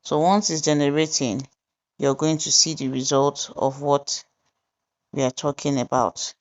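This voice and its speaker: A woman with a low voice talks through a tutorial slowly and deliberately, one step at a time. She pauses with small fillers as she goes. The recording sounds slightly dull and lo-fi. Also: fairly even intonation. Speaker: tutorial host. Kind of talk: screen-recorded software tutorial narration.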